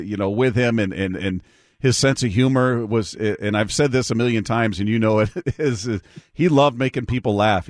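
A man's voice: lowish voice, no room sound, clean studio sound. A male radio host speaking reflectively on a call-in show, often restarting his words. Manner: warm repetitive restarts, reflective. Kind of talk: call-in radio tribute chat. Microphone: studio mic.

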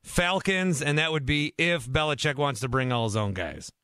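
A man hosting a call-in sports radio show, animated and quick to jump in on callers. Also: fairly high pitch, clean tone, no room sound, studio quality. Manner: animated, talks over callers.

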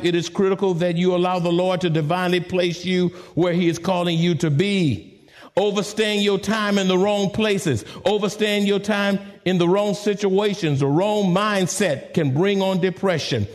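A male pastor preaching a sermon, swinging from soft hushed lines to sudden high exclamations.

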